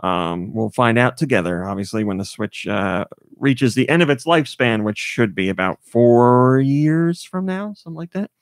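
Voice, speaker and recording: A man's voice: mid-range voice, lively intonation, normal speed, few pauses, no echo, studio quality. A man hosting a podcast, chatting casually and rambling with frequent fillers. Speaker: podcast host. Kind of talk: casual chat.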